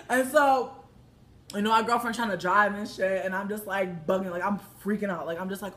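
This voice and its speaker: A young woman telling a casual story to the camera, brash and profane, swinging between hushed asides and loud outbursts. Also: medium pitch, a little fast.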